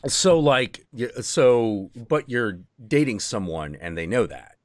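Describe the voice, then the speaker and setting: A man's voice: mid-range voice, slow, no echo. A man hosting a live stream, chatting casually and candidly, swearing freely as he tells stories. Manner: candid, swearing, animated storyteller. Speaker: stream host.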